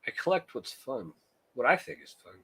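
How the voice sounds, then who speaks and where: A Californian collector hosts a loose late-night livestream, joking, swearing freely, and addressing viewers by name. His medium-pitched voice is very animated, a bit bright, and husky, moving at a normal speed in a dry recording.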